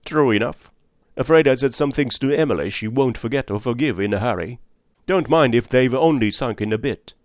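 A man voicing a brusque, blunt middle-aged spinster who speaks in curt, forceful bursts. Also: medium pitch, brisk, dry recording, clean studio sound, natural voice. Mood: indignant.

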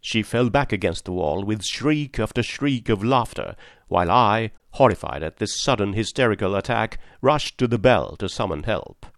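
A man narrating a story aloud in a measured, formal manner. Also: lowish voice, animated, no echo, clean studio sound. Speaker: audiobook narrator. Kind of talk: scripted narration.

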